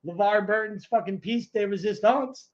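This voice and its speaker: A man's voice: sits high, moderate pace, muffled recording, a crowd in the background. A man co-hosting a casual podcast, telling stories in a rambling, profane way. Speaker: podcast co-host. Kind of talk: casual chat.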